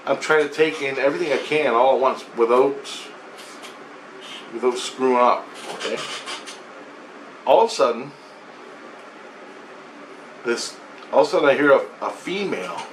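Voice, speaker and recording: A man's voice: mid-range voice, a bit bright. A man retelling a spiritual vision in casual, rambling storytelling, swearing often and restarting his sentences. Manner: rambling, profane, many restarts and repetitions. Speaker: vlogger. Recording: roomy echo, faint background noise.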